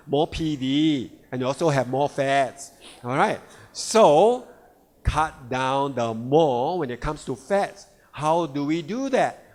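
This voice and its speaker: A man's voice: a little high, a little mellow. A man giving a sales seminar talk on a product, often asking the audience "right?" and "all right?". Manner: slow, repeats "all right" and rhetorical questions. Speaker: product presenter.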